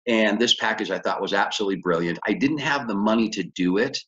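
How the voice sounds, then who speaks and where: A man's voice: fast talker, fairly bright tone, highs cut off. A man coaching business owners, telling a story in a conversational way and acting out the dialogue. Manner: conversational, acts out dialogue with big pitch jumps. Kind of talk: motivational storytelling lecture.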